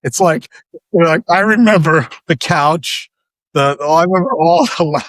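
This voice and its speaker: A man's voice: a little high, normal speed, fairly bright tone, no room sound. A man in his fifties, a startup founder telling stories as a podcast guest, rambling and restarting his sentences often. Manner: rambling storyteller, many restarts and repeated words. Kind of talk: casual podcast conversation.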